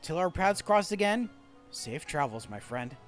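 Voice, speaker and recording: A man's voice: a little high, big pitch swings, a little slow, soft background music. A man reading as a courtly geiko-district patron. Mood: courteous. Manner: courtly, old-fashioned phrasing.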